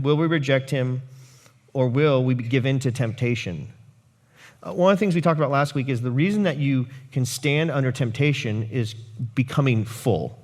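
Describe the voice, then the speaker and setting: A male pastor preaching a sermon, animated, with jokey asides and quotes he acts out. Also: mid-range voice.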